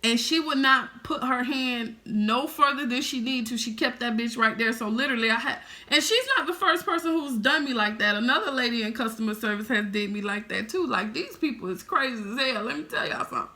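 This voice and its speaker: A woman in her thirties telling a story straight to her viewers, animated and heavy on profanity. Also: a little high, fairly quick, few pauses. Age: 30s. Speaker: vlogger.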